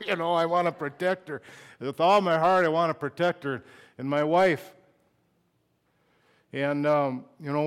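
A middle-aged man preaching a sermon, moving between quiet confiding talk and loud impassioned bursts, emotional at times. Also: a little high, smooth. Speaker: pastor.

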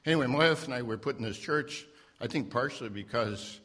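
A man at a church mic telling a personal story, halting and self-deprecating, with many fillers and restarts. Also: medium pitch, a bit bright. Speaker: church member sharing a testimony. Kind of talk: unscripted personal testimony. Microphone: standing mic.

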